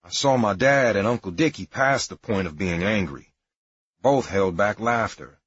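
Low, husky man reading a memoir. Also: normal speed, a bit bright, no room sound. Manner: wry, matter-of-fact storytelling. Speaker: narrator. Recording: dry, dull lo-fi recording.

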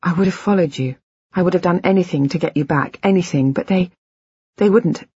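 A woman's voice: lowish voice, brisk, dark tone, breathy edge, no echo, highs cut off. A woman reading the lines of a desperate middle-aged husband, pleading through tears in an audiobook. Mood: tearful pleading. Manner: pleading, emotional.

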